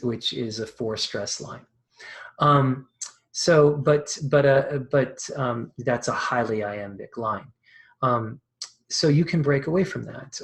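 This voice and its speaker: A man's voice: medium pitch, low-quality recording. A man teaching a poetry lesson in a loose, conversational way, with many ums and restarts. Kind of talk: recorded lecture.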